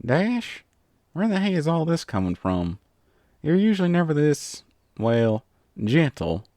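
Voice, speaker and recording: A man's voice: a little high, very animated, unhurried, mellow, no echo, studio quality, pitched above the performer's own voice. A man voicing a blunt, sleepy country mare with a put-on Southern drawl, grumbling dryly in a storybook reading. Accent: American Southern (put on). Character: blunt sleepy country female earth pony.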